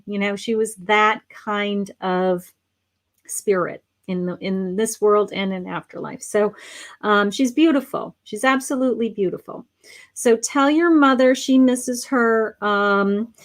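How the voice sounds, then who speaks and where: A middle-aged woman hosting a live psychic reading, speaking softly with many fillers and restarts, affectionate and a little hoarse as she says she is losing her voice. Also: mid-range voice, a little slow. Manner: soft-spoken, meandering, with many fillers and restarts; affectionate, calls viewers honey and sweetheart. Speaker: psychic medium livestream host.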